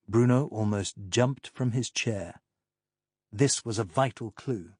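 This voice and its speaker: A man reading a mystery novel aloud in even, unhurried scripted narration. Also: medium pitch, no echo, clean studio sound. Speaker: audiobook narrator.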